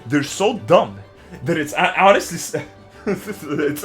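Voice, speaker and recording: A man live-streaming to his chat from his desk at home, ranting in a casual, constantly swearing way with loud, agitated outbursts. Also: a little high, big pitch swings, normal speed, slightly rough, faint music behind. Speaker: game streamer.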